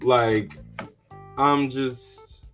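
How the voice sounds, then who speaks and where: A man's voice: medium pitch, fairly even intonation, extremely slow, fairly bright tone, faint music behind. A man hosting a casual solo podcast, rambling and chatty with lots of fillers and exclamations. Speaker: podcast host.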